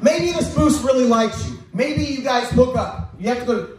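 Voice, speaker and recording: A man rambles through a crude stand-up bit on a small bar stage, stumbling over restarts. His voice sits high. The mic catches him from a distance in a very echoey room with a faint noise behind. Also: animated, moderate pace. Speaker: open mic comedian. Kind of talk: stand-up set. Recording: echoey room heard from far off.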